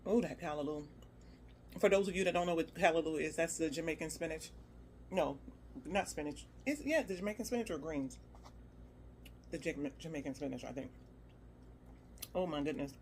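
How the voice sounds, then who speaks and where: A woman food vlogger with a low, slightly mellow voice gives a chatty, playful review at a moderate pace with long pauses. She hums and exclaims as she tastes, over slight background noise.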